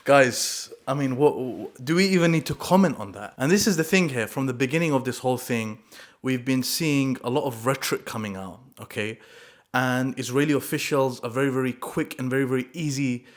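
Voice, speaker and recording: A man's voice: mid-range voice, a little fast. A man hosting a reaction commentary vlog, talking emphatically and repeating his points. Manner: emphatic, repetitive.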